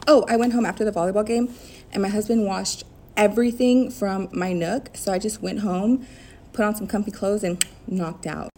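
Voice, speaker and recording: A woman's voice: medium pitch, fairly quick, dark tone, a little hiss or hum. Chatty woman vlogging casually. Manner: chatty, bubbly, giggly. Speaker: teacher and vlogger. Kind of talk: casual chat to camera.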